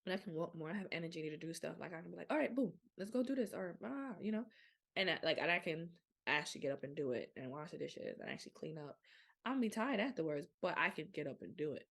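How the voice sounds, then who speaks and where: Gravelly-voiced woman, frank and colloquial. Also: deep voice, quick pace. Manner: frank, animated storytelling with colloquial speech. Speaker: podcast host. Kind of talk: candid casual monologue.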